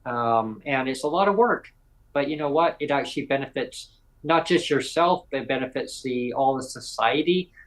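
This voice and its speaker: A man's voice: mid-range voice, expressive, normal speed, a bit bright, poor audio. A man from Canada co-hosting a live podcast, telling stories in a rambling way with many restarts. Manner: rambling storyteller, many restarts and acted quotes. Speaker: podcast co-host. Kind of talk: casual chat. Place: livestream from home.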